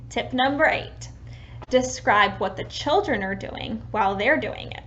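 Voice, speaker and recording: High, lively woman explaining slowly. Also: highs cut off. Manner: patient, clear explaining with lively sample phrases. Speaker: early childhood educator. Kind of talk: instructional tips video.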